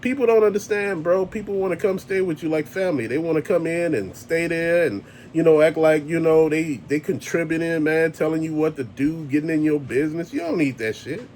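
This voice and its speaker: A male host launches into a blunt, emphatic rant, swearing freely as he drives each point home. His voice sits a little higher than most men's. A faint background hiss runs under the talk. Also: a little fast, hardly any pauses, a little mellow. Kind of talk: ranting monologue.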